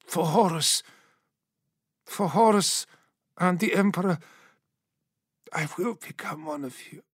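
An exhausted young recruit, voiced by a male audiobook narrator, strained and earnest, clinging to fierce resolve. The voice sits higher than the narrator's own. The recording is dry. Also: takes it slowly, no room sound. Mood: fervent.

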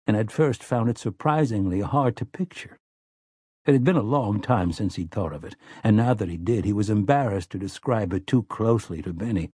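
A man narrating an audiobook in a measured, even storytelling manner. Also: fairly low pitch, slightly rough, no echo, clean studio sound. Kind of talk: scripted narration.

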